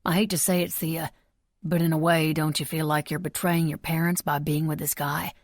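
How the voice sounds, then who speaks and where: A woman's voice: deep voice, level tone, normal speed, no room sound. A woman voicing an easygoing, mischievous young man in an audiobook, talking bluntly and casually. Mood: probing. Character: easygoing teasing young man, old friend. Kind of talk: audiobook character voice. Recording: dry close recording.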